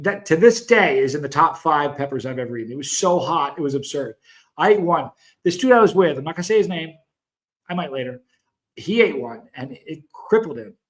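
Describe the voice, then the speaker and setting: A middle-aged man with a slightly higher than usual voice tells a rambling story on a casual live stream. He talks straight to his viewers and keeps breaking off into chatty asides. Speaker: hot sauce show host.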